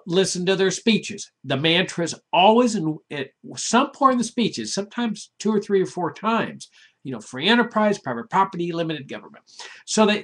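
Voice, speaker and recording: A man's voice: a little high, fairly bright tone, husky. A man hosting his weekly internet commentary show, chatty and digressive, laughing often and scoffing at what he talks about. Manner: scoffing, many "you know" fillers. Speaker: host.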